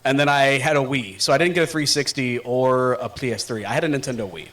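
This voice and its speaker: A man's voice: medium pitch, fast, a bit bright. A man chatting casually on a podcast, joking loosely and swearing. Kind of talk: casual chat.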